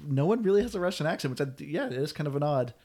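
A man's voice: a little high, expressive, racing, darkish tone. A man hosting a casual chat, talking in a chatty, complaining way. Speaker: podcast host.

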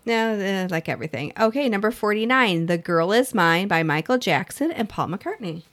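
A woman's voice: mid-range voice, expressive, normal speed, fairly bright tone. A middle-aged woman co-hosting a casual chat, rambling with many restarts and fillers. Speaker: podcast co-host.

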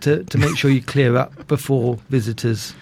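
A man's voice: medium pitch, steady tone, moderate pace, vocal fry, darkish tone. A man, a guest on a radio interview, who talks in a self-deprecating way and often restarts his sentences. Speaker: interview guest, estate agent.

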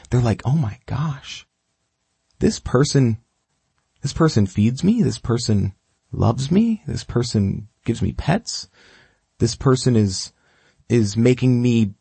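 A man's voice: medium pitch, a little mellow, slightly rough, dry recording. A man working as a dog trainer, giving emphatic instructions and checking in often with the listener. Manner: emphatic, keeps checking in with "okay?". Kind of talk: instructional talk.

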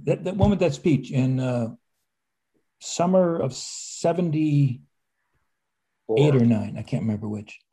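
Older male guest from the United States, husky and mellow, wry and rambling. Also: medium pitch, measured pace, long pauses. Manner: rambling, with restarts and wry asides. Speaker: author and historian guest. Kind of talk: conversational interview.

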